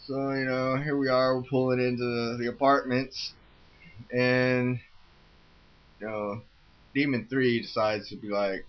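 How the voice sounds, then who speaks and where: A man's voice: mid-range voice, measured pace, long pauses, highs cut off. A man casually telling a rambling, profane story with frequent swearing. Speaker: vlogger.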